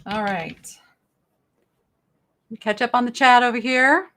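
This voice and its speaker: A middle-aged woman hosting a live online sale, chatting brightly with viewers and describing thrift finds. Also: fairly high pitch, slow. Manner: chatty, bubbly, reads viewer chat aloud. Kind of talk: live-stream sales chat.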